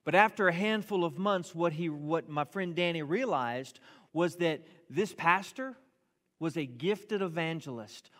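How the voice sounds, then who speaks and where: A man's voice: on the high side, unhurried, fairly bright tone. A man preaching a sermon, telling a story with emphatic, earnest delivery. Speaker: pastor. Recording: long reverb of a large hall.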